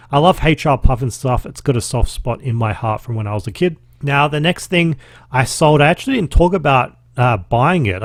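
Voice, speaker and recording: A man in his thirties with an Australian accent talks in a loose, chatty way, swearing often. His pitch is mid-range for a man. The recording is dry and close, with no room sound. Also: dry recording. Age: 30s. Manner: chatty and profane, with laughs. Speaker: podcast host. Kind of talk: casual solo podcast recap.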